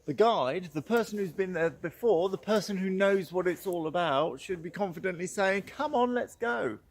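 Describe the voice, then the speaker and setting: Chatty man with a higher voice. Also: moderate pace. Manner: chatty, laughs often, acts out quotes. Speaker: horse trainer. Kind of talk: casual storytelling vlog.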